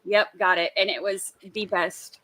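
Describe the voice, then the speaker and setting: Bright, giggly woman. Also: medium pitch, steady tone, a little slow, poor audio. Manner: giggly, chatty, laughs loudly. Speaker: co-host. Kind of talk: casual livestream chat.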